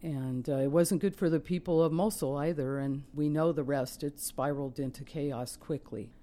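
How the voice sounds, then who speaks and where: Mellow-voiced middle-aged woman, earnest. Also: low voice, normal speed. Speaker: mother of a soldier. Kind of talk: personal testimony.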